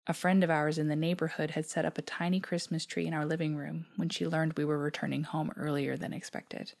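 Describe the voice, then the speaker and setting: A woman from Newfoundland reads her own reflection in a very low voice with a gravelly fry. She keeps a soft, measured pace and at times drops nearly to a whisper. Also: little pitch movement. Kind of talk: reading a personal reflection aloud.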